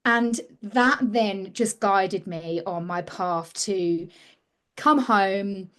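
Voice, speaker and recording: A woman's voice: mid-range voice, slow pace, fairly bright tone. Earnest woman telling her story. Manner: earnest, reflective, restarts mid-sentence. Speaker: women's mentor, interview guest. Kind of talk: casual interview storytelling.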